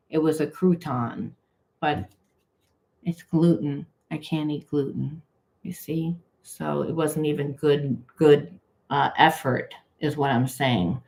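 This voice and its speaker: Low-voiced woman giving an emphatic reading. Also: a little mellow. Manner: emphatic, acts out imagined dialogue in quotes; repeats phrases for emphasis, loose run-on talk. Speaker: tarot reader. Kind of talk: spiritual reading monologue.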